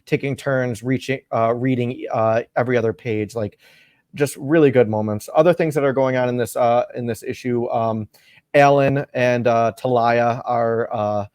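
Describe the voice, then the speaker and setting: A man hosting a podcast, recapping a comic issue in a rambling, animated way with lots of fillers. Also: medium pitch, moderate pace, dry recording, clean studio sound. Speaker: podcast host.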